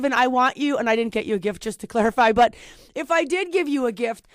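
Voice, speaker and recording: A woman's voice: high-pitched, no echo, clean studio sound. A middle-aged woman hosting a talk show, speaking in an emotional, rambling and self-deprecating way to her co-host.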